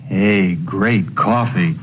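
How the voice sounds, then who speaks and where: An actor playing a curt, complaining 1960s husband in an old TV commercial. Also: male voice, deep voice, drawn-out words. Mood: pleased. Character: grumpy 1960s husband in a suit. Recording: dull lo-fi vintage TV ad audio, faint hiss.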